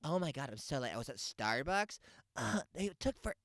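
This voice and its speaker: A man plays a frantic, gushing suburban mother yelling from her car window, shrill and breathless and repeating herself over and over. It's very animated and a little fast, in a dry, studio-quality recording.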